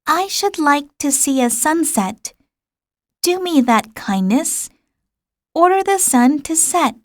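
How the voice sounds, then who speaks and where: A woman voicing a timid, polite little boy prince in an audiobook reading, speaking softly and pleadingly. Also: high-pitched, animated, takes it slowly, no echo, studio quality, voice pushed up. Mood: wistful.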